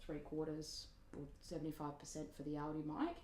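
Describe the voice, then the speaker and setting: Woman, a singer, demoing mics at home; low-ish voice, rambling, self-deprecating, echoey room with faint hiss. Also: little pitch movement, a little fast. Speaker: singer reviewing microphones. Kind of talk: casual demo talk. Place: home recording setup.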